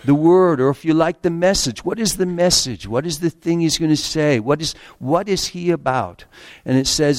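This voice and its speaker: A man preaching a sermon in an earnest way, slowing down to read scripture aloud and stumbling over the odd restart. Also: on the high side, no room sound, studio quality.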